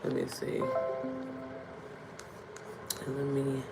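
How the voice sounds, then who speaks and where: A young woman with a hoarse voice, hosting a casual livestream and chatting directly to her viewers. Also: rumbling low, little pitch movement, measured pace, pauses often, a little mellow, soft background music, rough recording. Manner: chatty, addresses viewers as y'all and baby. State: hoarse from screaming. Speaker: livestream host.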